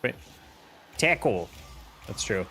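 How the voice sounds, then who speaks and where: A man's voice: lowish voice, slow. A young American man chatting casually while playing, reacting to plays and answering viewers. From United States. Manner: relaxed, reacts aloud to plays, chats with viewers. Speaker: streamer and game analyst.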